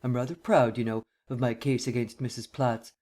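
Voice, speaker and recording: A man voicing a languid, witty dilettante gentleman who speaks in an unemotional drawl. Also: mid-range voice, fairly even intonation, moderate pace, natural voice. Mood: airy.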